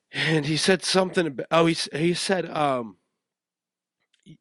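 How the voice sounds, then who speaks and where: A man's voice: a little high, normal speed, no room sound, clean studio sound. Young man telling a rambling story. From West Coast of the USA. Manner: animated, rambling, acts out quotes. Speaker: podcast host. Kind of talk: casual storytelling.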